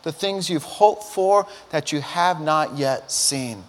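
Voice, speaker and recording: A high-pitched middle-aged man delivers a sermon in an animated, storytelling way, acting out quotes. His voice rings with long reverb through a large church auditorium. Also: takes it slowly. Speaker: pastor.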